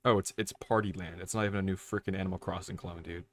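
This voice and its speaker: A man's voice: sits low, steady tone, fast talker, a bit bright. A young man co-hosting a casual podcast, wry and teasing. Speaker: podcast co-host. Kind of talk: casual chat.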